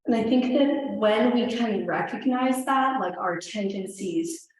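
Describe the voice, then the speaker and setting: A woman yoga teacher, around her thirties, a little hoarse, chatting to her class and telling a story in a casual, rambling way. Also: medium pitch, unhurried. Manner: chatty, storytelling, many "like" asides. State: slightly hoarse. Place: yoga studio. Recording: very echoey room with faint ambience.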